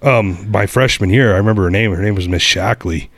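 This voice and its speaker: A man hosting a podcast, chatting casually and rambling through crude, animated stories. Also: on the low side, a little fast, vocal fry, dry recording. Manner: rambling, profane, animated storyteller. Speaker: podcast host. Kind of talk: casual chat.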